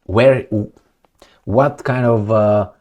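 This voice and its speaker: Man, lowish voice, sarcastic, rambling, fillers, casual monologue. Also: extremely slow, darkish tone, muffled recording. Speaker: political commentator.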